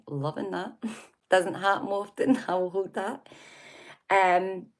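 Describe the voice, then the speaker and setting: A middle-aged Scottish woman from near Glasgow hosting a casual livestream, chatting and gossiping about the news, laughing often and reacting to viewer comments. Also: mid-range voice. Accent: Scottish (Glasgow area). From Scotland. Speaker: livestream host.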